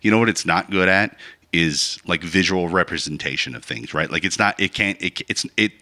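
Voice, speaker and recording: A man's voice: low-pitched, moderate pace, bright, forceful tone. A man co-hosting a podcast in casual chat, rambling as he reasons aloud and keeps checking with "right?". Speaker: podcast co-host.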